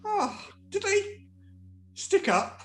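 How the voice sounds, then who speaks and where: A man voicing a timid male turtle creature who stammers and turns dreamy and slow, in a tabletop game. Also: very high-pitched, big pitch swings, pitched above the performer's own voice, full character voice. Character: timid male turtle-folk patient, dopey once sedated.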